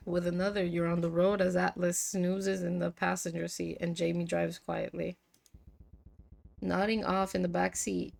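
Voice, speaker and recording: Gravelly woman streamer reading a game. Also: on the low side. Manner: reads narration in second person, breaks into laughs. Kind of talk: reading game text aloud.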